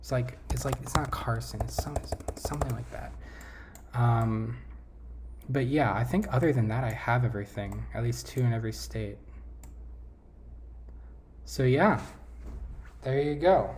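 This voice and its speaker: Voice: mid-range voice, measured pace, pauses often, a little mellow. Casual quiz-game chatter, hesitant, self-correcting, desk mic, faint background noise. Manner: thinking aloud, trailing off, self-correcting. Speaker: vlogger. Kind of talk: casual talk over a map quiz game.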